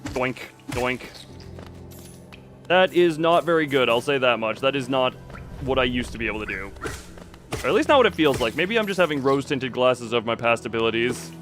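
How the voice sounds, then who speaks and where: A man's voice: medium pitch, animated, a little fast, a bit bright, soft background music. A man streaming a game, chatting casually and rambling to his chat, often stopping himself mid-sentence. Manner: rambling, self-interrupting, talks to chat and to himself. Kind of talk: casual live-stream chat while playing.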